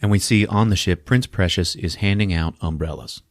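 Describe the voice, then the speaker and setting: Low-voiced man chuckling through a movie recap. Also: normal speed, dry recording, clean studio sound. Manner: amused, chuckling storyteller. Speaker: podcast host recapping a movie. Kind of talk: casual comic movie recap.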